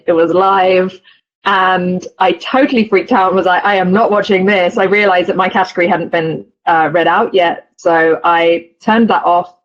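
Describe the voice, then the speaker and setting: Woman, actress guest; emotional, gushing delivery with restarts, medium pitch, muffled lo-fi recording. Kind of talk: casual interview chat.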